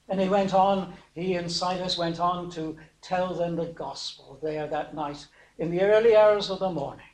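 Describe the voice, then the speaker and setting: High-voiced man preaching in an echoey room. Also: measured pace, a little mellow. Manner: hesitant, many fillers, asks rhetorical questions. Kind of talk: sermon retelling a Bible story.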